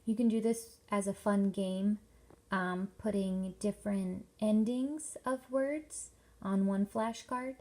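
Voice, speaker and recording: A young woman teacher giving a workshop presentation to parents, explaining slowly and carefully with lots of examples. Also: mid-range voice, warm tone. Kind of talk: instructional presentation.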